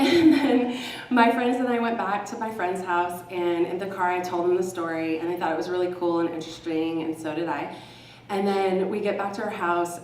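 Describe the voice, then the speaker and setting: A woman's voice: on the low side, slight background noise. A woman from Texas telling a personal story to a live audience, sarcastic and casually profane, often laughing. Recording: roomy hall, mic at a distance.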